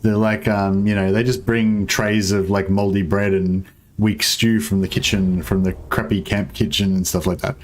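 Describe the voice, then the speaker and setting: A young gaming streamer gives casual let's-play commentary on a strategy game, rambling, joking with viewers and swearing now and then. His voice is lowish with a flat delivery at a moderate pace, over slight background noise.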